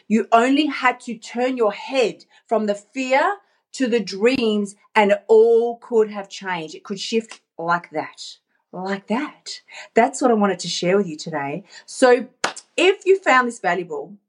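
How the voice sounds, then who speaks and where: A woman life coach giving a casual, animated motivational talk into her phone, chatting and laughing often. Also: a little high, moderate pace. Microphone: talking into her phone.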